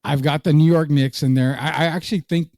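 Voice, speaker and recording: A man's voice: fairly high pitch, steady tone, a little fast, a little mellow, dry recording. Casual man, dry close sound. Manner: loose, joking, reads live comments aloud. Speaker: podcast co-host. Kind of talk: casual sports podcast chat.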